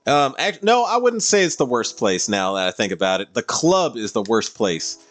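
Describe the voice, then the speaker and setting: Dude streaming a game, chatty and rambling, voice bounces up and down a lot, faint music behind. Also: male voice, mid-range voice, sing-song, moderate pace, fairly bright tone. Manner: rambling, with frequent fillers and laughs. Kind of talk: casual livestream chat, reading viewer comments.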